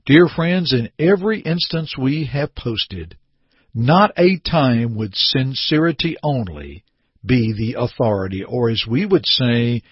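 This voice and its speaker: A man's voice: mid-range voice, a little slow, breathy edge, no room sound, lo-fi sound. A man preaching an earnest radio sermon, acting out short everyday scenes to make his point. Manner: earnest, animated preaching with acted-out little scenes.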